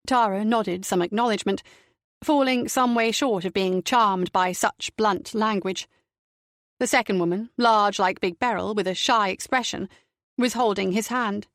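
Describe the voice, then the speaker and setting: A woman narrating a crime novel audiobook in a steady, measured reading. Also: medium pitch, dry recording, studio quality.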